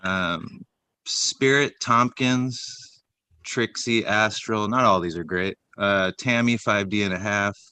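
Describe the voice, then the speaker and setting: Bright, crisp deadpan man reading a list. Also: lowish voice, slow pace, no room sound. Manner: rambling, deadpan list reading with many fillers. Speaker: comedy podcast co-host. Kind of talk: casual comedic chat.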